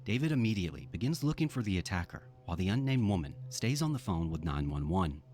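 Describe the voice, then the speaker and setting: A man's voice: deep voice, sing-song, fast talker, darkish tone. A man narrating a scripted true-crime story in a dramatic storytelling manner.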